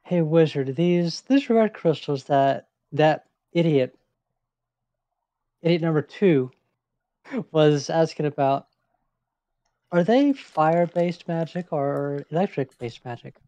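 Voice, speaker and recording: A player in a casual tabletop game, talking in a deadpan way. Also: mid-range voice, takes it slowly, long pauses, no echo, dull audio. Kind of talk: casual tabletop role-play.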